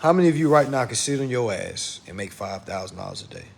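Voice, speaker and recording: A man giving a casual livestream lesson, blunt and profane, talking fast and addressing his viewers directly. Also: mid-range voice, animated, gravelly. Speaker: online instructor.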